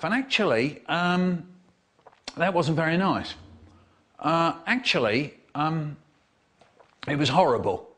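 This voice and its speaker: Pausing often and speaking slowly, a man performs a story with theatrical flair, voicing characters through abrupt high squeals and hushed lows. It's part of a comedy remix.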